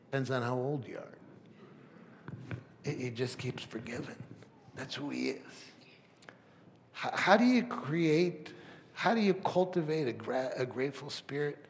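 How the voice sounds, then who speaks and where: A man preaching a sermon as pastor, swinging from loud emphatic peaks to soft near-whispers, with rhetorical questions and stammered restarts. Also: medium pitch, lively intonation, unhurried, creaky, pauses often. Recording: long reverb of a large hall.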